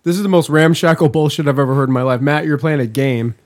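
Fast-talking sarcastic podcast host. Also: male voice, fairly high pitch. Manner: sarcastic, swearing, teasing. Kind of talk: casual banter podcast.

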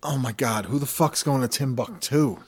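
A man's voice: medium pitch, normal speed, a crowd in the background. A man in a casual group chat, self-deprecating and profane, stammering on restarts. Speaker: podcast co-host.

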